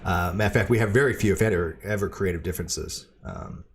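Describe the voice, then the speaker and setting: A man hosting a casual livestream, talking in a rambling, halting way with lots of ums and repeated words. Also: deep voice. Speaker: channel host; debate show moderator.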